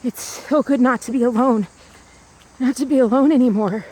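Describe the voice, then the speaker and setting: A woman vlogging outdoors on a trail, talking in a rambling, repetitive, fast way while she walks. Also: on the high side, a little mellow, husky. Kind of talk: rambling walk-and-talk vlog.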